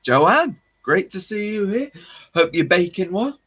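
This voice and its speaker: Guy chatting on his stream, kinda high voice, takes his time, keeps laughing at himself. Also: big pitch swings, unhurried, fairly bright tone, breathy edge. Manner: rambling, self-correcting, chuckling often. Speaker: live stream host. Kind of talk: casual live stream, history chat and greeting viewers.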